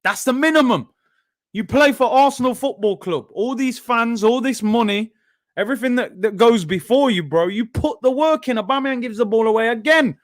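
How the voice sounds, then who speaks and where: A young-sounding man hosts a live football watchalong, talking in quick slang and jumping into shouts when the play turns. His voice sits high for a man. The sound is close and dry, with no room in it. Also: dry recording. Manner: excitable, slangy, bursts into shouts. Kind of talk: live reactive commentary.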